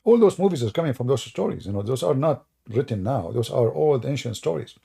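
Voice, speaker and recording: A man's voice: mid-range voice, lively intonation, a little fast, vocal fry, mellow, breathy edge. A man hosting a livestream and taking callers, talking in a sarcastic, mocking way with loose non-native grammar. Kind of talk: mocking religious-debate livestream.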